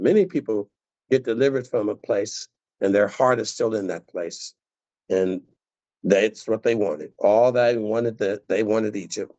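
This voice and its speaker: Low-voiced man preaching a sermon. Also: a little slow. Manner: conversational, animated, laughing asides. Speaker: pastor. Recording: dull lo-fi dry recording.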